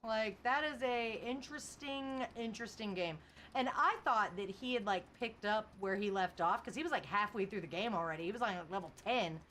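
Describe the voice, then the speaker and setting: A woman's voice: medium pitch, moderate pace, a bit bright, a little hiss or hum. A young woman chatting casually on a livestream, laughing often and reading chat aloud. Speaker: streamer.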